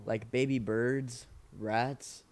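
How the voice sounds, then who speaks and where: A young man in easygoing podcast chat, his voice at a middle pitch. He hesitates and hunts for the right words as he tells his story. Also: steady tone, very slow, darkish tone, a little hiss or hum. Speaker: podcast co-host. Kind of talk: casual chat.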